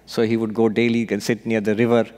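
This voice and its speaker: A man, a monk and spiritual teacher, giving an unhurried meditation retreat talk with gentle storytelling and light humor. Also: fairly low pitch, level tone. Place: retreat hall. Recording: long hall reverb.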